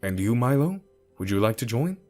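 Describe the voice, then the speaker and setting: A man voicing a charming young celebrity who speaks firmly but calmly in an audio story. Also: mid-range voice, fairly quick, faint music behind, close to an everyday voice. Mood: inviting. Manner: firm, calm.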